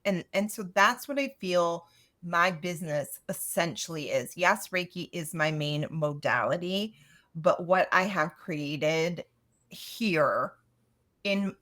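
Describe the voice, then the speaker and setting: A woman's voice: fairly low pitch, a bit bright. A middle-aged woman, a Reiki teacher, explaining her practice earnestly in a casual interview. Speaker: Reiki master teacher, guest.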